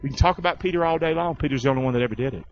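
A man's voice: mid-range voice, rapid-fire, dull audio, a little hiss or hum. A pastor preaching a sermon to his congregation, asking them questions and having them repeat words back. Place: church hall with congregation.

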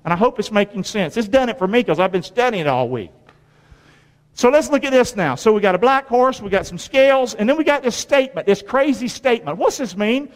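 High-voiced male preacher in a reverberant hall. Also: a little fast. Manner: animated call-and-response questions to listeners; colloquial, repeating phrases for emphasis. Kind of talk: sermon to a congregation. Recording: long reverb of a large hall.

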